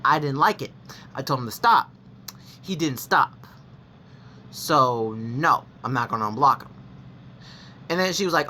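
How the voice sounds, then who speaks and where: Young adult vlogger, rambling confessional storytelling, animated swinging pitch, bright tone, faint noise behind. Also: a little slow, long pauses. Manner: rambling, with frequent restarts and self-corrections; blunt and confessional, with casual swearing. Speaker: gaming vlogger. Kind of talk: candid personal storytelling to camera.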